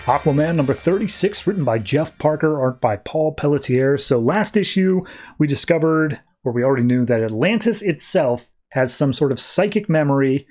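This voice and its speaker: A man's voice: a little high, animated, moderate pace, a little mellow, faint music behind. A man hosting a comic book podcast, chatty and casual, retelling plots. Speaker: podcast host.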